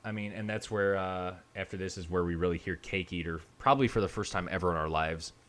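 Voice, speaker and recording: A man's voice: low-pitched, fast talker, fairly bright tone. A man co-hosting a podcast, recapping a film plot in casual chat with dry asides. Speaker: podcast co-host. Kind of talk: casual movie review chat.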